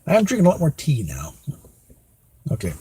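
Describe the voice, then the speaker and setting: Casting note: man, podcast host, loose rambling delivery with frequent "you know", a bit high-pitched. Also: wildly swooping pitch, moderate pace, mellow, husky. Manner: rambling, many fillers, chuckles often. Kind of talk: rambling casual chat.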